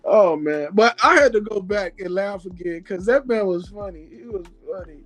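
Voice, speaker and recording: Animated woman hosting a gossipy chat. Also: mid-range voice, normal speed, faint music behind. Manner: lively, animated storytelling. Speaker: host.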